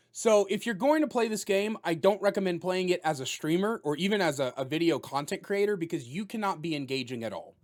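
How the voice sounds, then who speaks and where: A man giving a casual spoken video game review, talking loudly with jokes and animated delivery. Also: high-pitched. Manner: loud, animated and joking.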